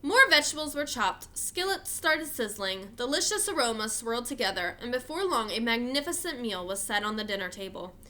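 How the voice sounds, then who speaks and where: A woman reading a children's novel aloud in an expressive, animated storytelling manner. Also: fairly high pitch, brisk, few pauses. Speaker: reader.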